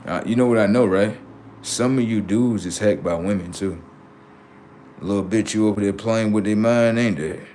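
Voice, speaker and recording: A man's voice: lowish voice, moderate pace, a little mellow, a little hiss or hum. A young man live-streaming, doing brash, profane, mocking banter with his chat. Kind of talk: casual live-stream commentary.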